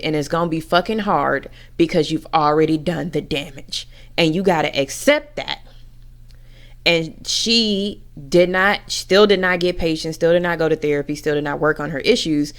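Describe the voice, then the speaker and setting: A woman giving a candid personal rant to camera, blunt and profane as she talks frankly about her own family. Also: fairly low pitch. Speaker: vlogger.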